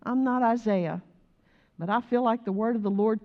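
A woman preaching a sermon, moving from conversational talk to loud, rhythmic exhortation. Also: fairly high pitch, moderate pace, muffled recording.

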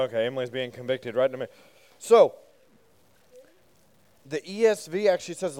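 Casting: man, youth pastor type, warm low-key tone, chatty and quizzing the room. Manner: conversational, asks the group questions, joking asides. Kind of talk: casual youth sermon.

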